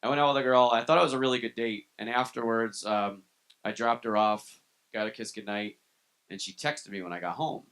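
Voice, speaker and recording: A man's voice: medium pitch, steady tone, brisk, fairly bright tone, clean tone. A man performing stand-up comedy in a club, joking about himself in a loose, profane, conversational way. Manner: self-deprecating, profane, conversational. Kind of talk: live stand-up set.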